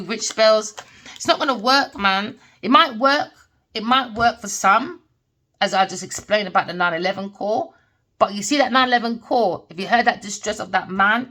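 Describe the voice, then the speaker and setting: A woman's voice: medium pitch, sharp tone. A woman giving a tarot reading in an unscripted monologue, speaking bluntly and emphatically, swearing, and asking herself rhetorical questions. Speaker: tarot reader.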